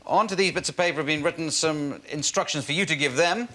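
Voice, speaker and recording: A man's voice: fairly high pitch, sharp tone. British man hosting a studio comedy show. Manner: halting, with many ums and restarts. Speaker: game show host. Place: television studio with audience. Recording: studio with audience noise.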